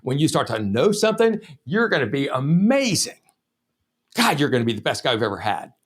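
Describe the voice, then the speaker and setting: A man's voice: medium pitch, big pitch swings, brisk. A man voicing a blunt store manager in a story, giving profane but encouraging orders. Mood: excited.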